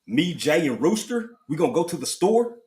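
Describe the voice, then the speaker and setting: A man with a slightly high voice co-hosts a casual live chat from a home room. He talks in a loose, slangy, easygoing way, calling out viewers by name. The sound is plain, from a desk mic. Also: very animated, moderate pace, darkish tone. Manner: laid-back, slangy, greets chatters by name. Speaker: livestream co-host.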